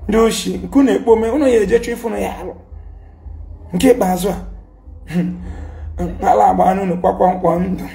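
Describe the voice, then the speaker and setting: A man's voice: high voice, fairly even intonation, very fast, vocal fry, mellow. A Nigerian man with an Igbo accent, ranting and scolding in a heated social media monologue, mixing Igbo and English and repeating his points. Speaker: commentator.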